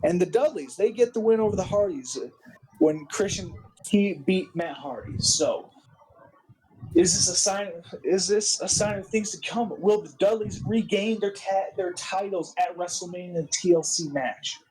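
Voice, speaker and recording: A man's voice: sits high, normal speed, darkish tone, roomy sound, poor audio. A man hosting a casual chat, recapping a wrestling show, rambling, restarting his sentences and swearing often.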